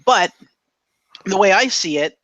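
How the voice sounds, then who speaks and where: A man co-hosting a casual podcast, animated and opinionated, acting out quotes and swearing as he argues his points. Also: high-pitched, a little slow, no echo. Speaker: podcast co-host.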